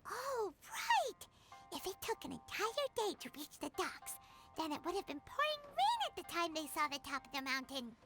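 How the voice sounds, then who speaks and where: Brief: squeaky, chirpy tiny companion for a game, very high and bouncy, game music behind. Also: female voice, big pitch swings, normal speed, exaggerated voice. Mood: eager. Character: tiny excitable floating female companion.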